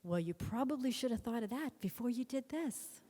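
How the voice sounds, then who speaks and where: A woman's voice: a little high, lively intonation, moderate pace, mellow, pitched above the performer's own voice. A woman voicing a stern, hardworking single mother who scolds sharply, heard in a hall with a long echo. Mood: scolding.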